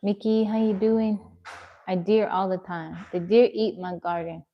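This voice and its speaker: A woman's voice: mid-range voice, fairly even intonation, measured pace, highs cut off. A woman livestreaming from her home, chatting casually and answering viewer comments one by one. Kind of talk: casual live-stream chat reading comments.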